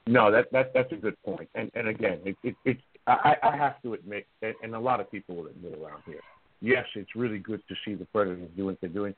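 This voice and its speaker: A low-pitched, husky man with a Southern US accent hosts a sports talk show, animated and teasing, and he stumbles over repeated words. His voice comes through a thin, phone-like line that sounds dry and close. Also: quick pace, no room sound.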